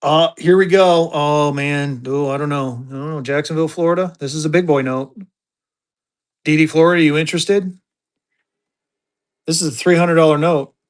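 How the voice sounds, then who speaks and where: A man runs a live online sale in easy, rambling chatter. His voice sits a touch higher than usual for a man. He talks his way through what he is doing and keeps calling out to viewers as y'all. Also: fairly even intonation, normal speed, pauses often, smooth. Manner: chatty, thinks aloud, calls viewers y'all. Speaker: livestream auction seller.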